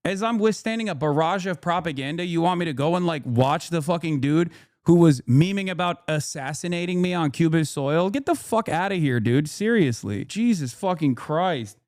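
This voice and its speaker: A man's voice: a little high, expressive, moderate pace, a little mellow, no echo, studio quality. A man in his thirties streaming a profane, angry rant, retelling a run-in and quoting people in raised voices. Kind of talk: profane ranting commentary.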